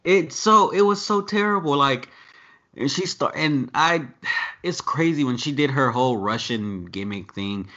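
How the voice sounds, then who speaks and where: A man co-hosting a wrestling chat over a video call, talking casually with lots of swearing and getting louder and higher when he is worked up. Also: a little slow. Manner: profane, animated, rises sharply when worked up. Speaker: wrestling podcast co-host. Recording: dull lo-fi video call audio.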